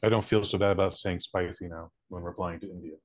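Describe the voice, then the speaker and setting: A man co-hosting a comedy podcast in casual chat, making wry deadpan quips. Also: low voice, fast, no echo, studio quality. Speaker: podcast co-host.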